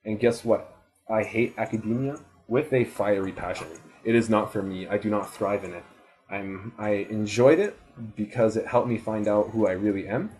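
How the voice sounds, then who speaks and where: A young man in his twenties talks straight at one listener in a loose, rambling monologue. His voice sits a little low, and he swears freely while repeating his points for emphasis. It sounds like an off-the-cuff recorded message of advice. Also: normal speed, darkish tone, low-quality recording. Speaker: student giving advice. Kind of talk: casual motivational monologue.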